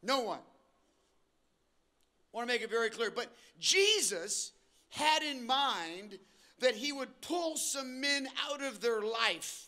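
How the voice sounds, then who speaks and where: Preaching to his church from the auditorium, an older man who serves as pastor shifts suddenly in tempo and volume, trading slow, weighty phrasing for quick asides. He sounds very high-pitched and expressive, briefly voicing the listeners he portrays.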